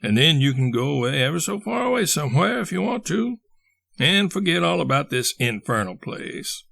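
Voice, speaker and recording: A man voicing an exuberant, blustering older colonel and schemer who talks in hearty bursts and leaps to excited highs. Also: normal speed, gravelly, no echo, heavily acted. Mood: rousing.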